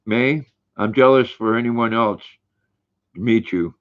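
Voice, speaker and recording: An older man hosting a casual livestream, reading viewers' comments aloud in a relaxed, folksy way. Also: medium pitch, unhurried. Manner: relaxed, folksy, reads viewer names and messages. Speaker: livestream host. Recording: dull lo-fi stream audio.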